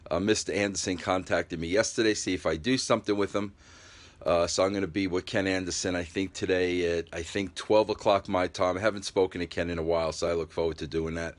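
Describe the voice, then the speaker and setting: Low-voiced man rambling on a live stream. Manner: loose, rambling talk with "bro" and many fillers; reads viewer comments aloud and replies. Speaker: livestream host. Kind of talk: casual live-stream chat. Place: at home, just out of the shower.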